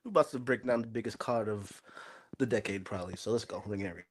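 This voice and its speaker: Husky hyped man introducing himself. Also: lowish voice, fast talker. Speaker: guest co-host. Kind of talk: casual chat.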